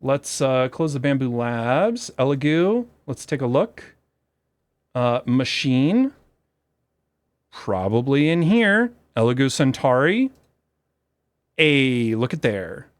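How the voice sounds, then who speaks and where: A man hosting a casual tutorial vlog, talking fast through fillers, getting excited and joking about himself. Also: medium pitch, dry recording. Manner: excitable, self-deprecating, rambling with fillers. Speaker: maker video host. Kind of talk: casual screen-share tutorial.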